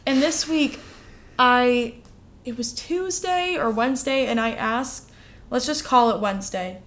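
A woman co-hosts a relaxed podcast chat, her voice sitting a little on the high side. She tells her stories in an animated way, stacking up "like" and "uh" as she goes. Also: unhurried. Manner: animated storytelling with many fillers. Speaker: podcast co-host.

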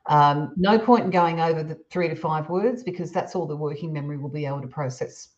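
A woman, a parenting expert guest, giving calm, measured advice in a podcast conversation. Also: low voice, highs cut off. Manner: calm, measured, explains with examples.

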